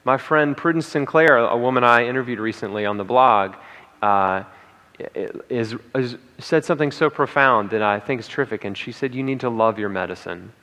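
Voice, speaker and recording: A man's voice: medium pitch, normal speed, pushed and bright. A man giving an emphatic motivational talk at a conference, repeating key lines and checking in with "okay?" and "right?". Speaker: speaker at a conference. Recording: reverberant hall.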